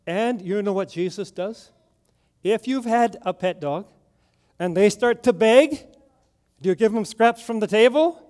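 A male preacher delivering a sermon in a notably high voice. He speaks slowly, letting each phrase land as he tells the story with drama. He keeps turning rhetorical questions back to his listeners. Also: lively intonation, darkish tone.

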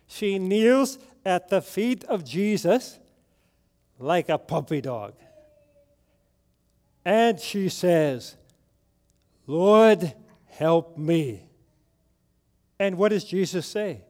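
Guy preaching a sermon, kinda high voice, slow and dramatic, lots of questions to the crowd. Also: lively intonation, a little mellow. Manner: dramatic storytelling, rhetorical questions to the congregation.

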